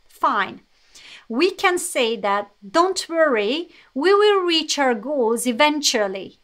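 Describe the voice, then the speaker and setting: A woman with a Hungarian accent gives a live English lesson online. She addresses her viewers directly and keeps encouraging them. Her voice sits a little high for a woman. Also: fairly bright tone. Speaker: English teacher.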